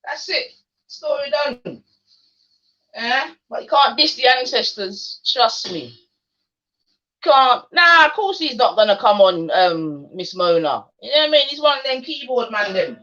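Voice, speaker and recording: A woman's voice: fairly high pitch, big pitch swings, a little slow, sharp tone. A woman hosting a livestream, taunting and confronting a skeptic in casual slang. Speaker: livestream host. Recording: dull lo-fi stream audio.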